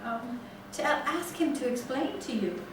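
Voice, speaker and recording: A woman speaking as a calm mother who tries to soothe her angry husband. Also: high-pitched, moderate pace, background noise. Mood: placating. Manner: calm, placating. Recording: echoey room, far from mic.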